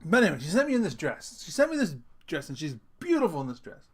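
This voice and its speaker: A middle-aged man, a father, ranting casually to camera in an animated, emphatic way, with sudden loud bursts and casual swearing. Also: fairly high pitch, quick pace, breathy edge. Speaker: vlogger, father.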